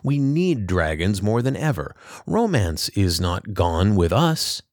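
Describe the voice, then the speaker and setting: A man's voice: fairly low pitch, sing-song, takes it slowly, a little mellow, no room sound, studio quality. A man reading a storybook, raising his voice to play a determined young sister who speaks in a firm, urging way.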